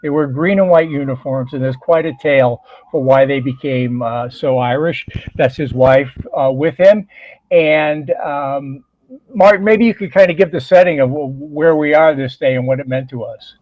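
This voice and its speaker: A man's voice: a little high, steady tone, moderate pace, dry recording. Chatty man on a dull dry line. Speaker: podcast co-host, guest. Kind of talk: casual interview chat.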